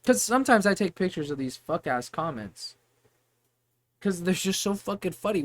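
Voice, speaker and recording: A young man vents to the camera about customers and managers at his store. He rambles, swears constantly and works himself up. His voice sits a little higher than most men's. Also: expressive, normal speed. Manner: profane, rambling, gets heated. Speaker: vlogger venting about retail work. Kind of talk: casual rant to camera.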